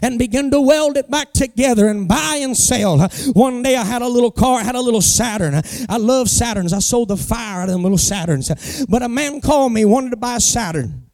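A man's voice: very high-pitched, animated, fairly quick, darkish tone, no room sound, studio quality. A middle-aged man, a pastor telling a folksy story as a sermon testimony. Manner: folksy storytelling with homespun sayings.

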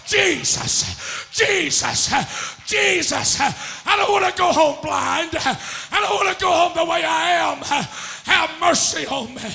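A preacher delivers a chanted sermon in a strikingly high, gravelly voice with a sharp, tense edge. He takes his phrases slowly and punctuates them with gasped breaths. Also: animated, soft background music, some chatter behind.

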